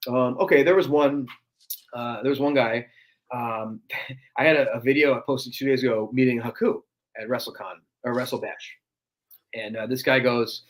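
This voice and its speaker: A man's voice: mid-range voice, steady tone, moderate pace, rough recording. A young man guest chatting casually on a podcast, often slipping into a brash, growly wrestler-impression drawl. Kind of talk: casual interview chat.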